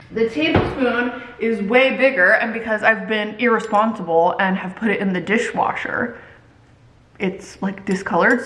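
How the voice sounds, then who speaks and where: A woman in her thirties with a fairly high voice talks chattily and dramatically, breaking into giggles as she cooks. The sound is roomy and echoey, like a home kitchen. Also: a bit bright. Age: 30s. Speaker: vlogger. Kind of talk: casual chat.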